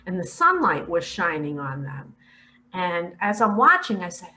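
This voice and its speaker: An older woman earnestly recounting a spiritual vision in a slow, heartfelt, emotional way. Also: on the low side, big pitch swings, pushed and bright, a little hiss or hum, rough recording. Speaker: spiritual speaker sharing visions.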